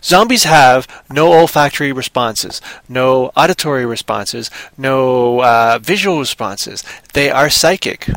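Canadian guy, joker co-host, bright edgy tone, close and dry. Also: medium pitch, expressive, a little slow, few pauses, dry recording, low-quality recording. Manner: playful, jokey, bursts into put-on voices. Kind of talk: casual comedic chat.

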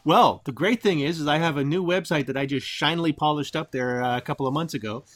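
A man hosting an online show in a jokey, rambling way. His voice sits a bit higher than most men's, and he wanders from one idea to the next, dropping quips as he goes. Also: fast talker. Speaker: podcast host. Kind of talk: casual chat.

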